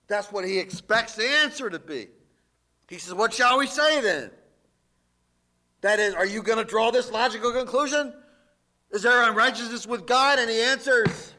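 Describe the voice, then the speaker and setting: A male pastor preaching a sermon, reading scripture and stressing points with sudden swings from loud to quiet. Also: very high-pitched, lively intonation. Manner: emphatic, slow preaching with dramatic swings in loudness.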